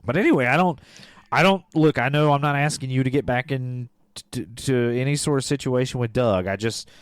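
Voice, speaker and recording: A man co-hosting a comedy podcast, telling a long story in a deadpan way. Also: medium pitch, a little fast, clean tone, dry recording, clean studio sound. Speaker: podcast co-host.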